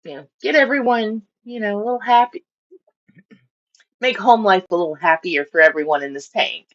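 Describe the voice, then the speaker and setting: A woman's voice: medium pitch, moderate pace. Chatty woman rambling on a lo-fi stream. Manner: chatty, rambling, voices her fish in silly asides. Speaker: fish-keeping streamer. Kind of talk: casual live-stream chat. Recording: dull lo-fi stream audio.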